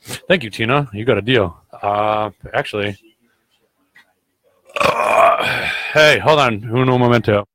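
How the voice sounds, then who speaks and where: A man hosts a podcast, rambling bluntly through stories in casual conversation and swearing all the time, growing loud and heated as he recounts arguments. His voice is medium in pitch and slow, with long pauses. The recording is low quality, with no room sound.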